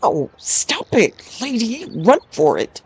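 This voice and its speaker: A woman's voice: on the low side, unhurried, a little mellow. A woman voicing a frightened young male wood elf stable worker who pleads in a panic. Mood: terrified.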